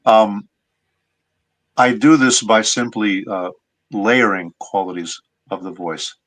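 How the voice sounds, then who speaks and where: A man's voice: lowish voice, steady tone, slow, fairly bright tone, poor audio. A middle-aged man, a voice actor guest, explaining his craft in a patient, teacherly way during a casual interview.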